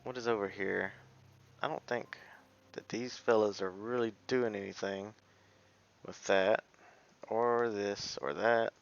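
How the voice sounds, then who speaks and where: Gravelly man thinking aloud over gameplay. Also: fairly low pitch, fairly even intonation, slow pace, pauses often, highs cut off. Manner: thinks aloud while playing, mutters half-sentences. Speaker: let's play streamer. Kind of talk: casual gameplay commentary.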